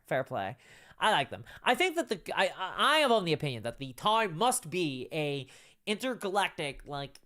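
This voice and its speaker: A young adult host on a casual live stream who keeps laughing and rambles through viewer comments. The pitch swings all over the place, bouncy and animated, with plenty of restarts and "like"s in between. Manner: animated, giggly, rambling with many fillers. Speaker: livestream host reading chat. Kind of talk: casual livestream chat.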